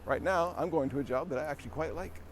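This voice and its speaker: A man's voice: a little high, fast talker, a little hiss or hum. Breathless man chatting on a bike. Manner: rambling, self-deprecating, chuckling. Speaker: vlogger. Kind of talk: casual storytelling while cycling. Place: outdoors on a city street, riding a bike.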